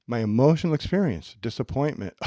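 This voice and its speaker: A man's voice: mid-range voice, moderate pace, no room sound. A man co-hosting a self-help podcast, teaching and acting out little everyday scenes. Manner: animated, acts out little scenes. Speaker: podcast co-host.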